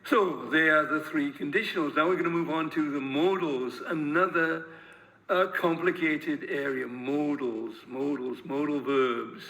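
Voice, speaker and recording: A man's voice: on the high side, normal speed, bright, forceful tone, low-quality recording. A man teaching a grammar lesson, hesitant, with many fillers and repeated words. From northern England. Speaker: English teacher. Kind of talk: lecture-style grammar lesson.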